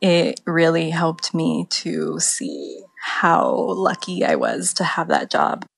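A woman's voice: deep voice, huge pitch swings, takes it slowly, creaky, breathy edge, no room sound. A woman flight attendant speaking in an interview, reflective and conversational.

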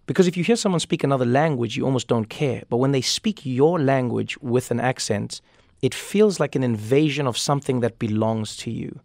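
Gravelly man, dry studio sound. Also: medium pitch, fairly quick, no echo. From South Africa. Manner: thoughtful, animated, frequent restarts. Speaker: comedian and talk show host as guest. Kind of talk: reflective conversational interview answers.

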